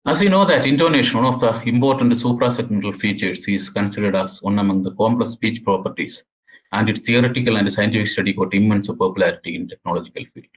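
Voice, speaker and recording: Man, low voice, lecturing, halting with restarts, earnest. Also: low-quality recording. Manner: halting, with frequent restarts and repeated words; earnest and explanatory. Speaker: university lecturer. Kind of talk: academic lecture.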